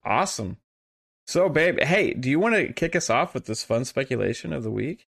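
A man's voice: mid-range voice, big pitch swings, moderate pace, gravelly, a bit bright. A man hosting a podcast, chatting casually and joking, with lots of fillers. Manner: playful, joking, many fillers. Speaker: podcast host. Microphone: online call setup.

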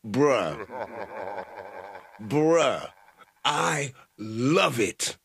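Gravelly, animated man with a swinging pitch. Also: extremely slow. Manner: animated, slangy, swears freely. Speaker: reaction show host. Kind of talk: casual profane commentary.

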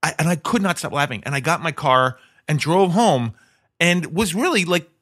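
A man's voice: fairly high pitch, animated, moderate pace, fairly bright tone. A middle-aged man hosting a podcast, telling a story in casual chat with lots of restarts and self-mocking asides. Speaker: podcast host.

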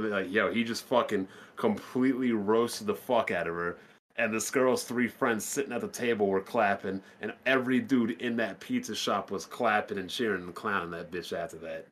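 A man's voice: fairly low pitch, normal speed, fairly bright tone. A man, co-hosting a casual podcast and telling a blunt, profane story. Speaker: podcast co-host.

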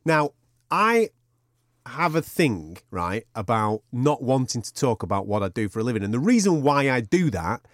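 A podcast co-host, a man, tells a rambling, sweary tale with lots of laughs. His pitch swings widely as he acts out the story. The recording is close and dry. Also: moderate pace, no echo. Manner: animated anecdote with sweary banter and laughter. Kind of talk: casual storytelling chat.

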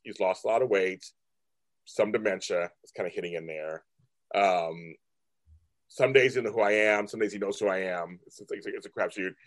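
A man's voice: fairly low pitch, moderate pace. A man in his fifties, a guest artist talking candidly in an interview, blunt and profane, mimicking his family in raised voices. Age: 50s. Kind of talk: candid casual interview talk.

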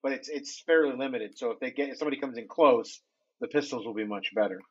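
A man playing a tabletop game who explains his moves deliberately. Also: mid-range voice, fairly bright tone, husky. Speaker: player. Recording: dull, lo-fi audio.

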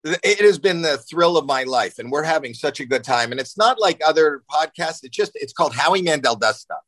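Animated older man telling stories. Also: a little high, brisk, no echo, low-quality recording. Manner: animated, with many fillers and restarts. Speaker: guest. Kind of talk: casual storytelling.

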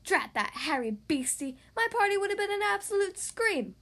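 A woman voicing a messy, loud female monster who shouts in a high, shrill voice in a storybook. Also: big pitch swings, normal speed, exaggerated voice. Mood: frustrated.

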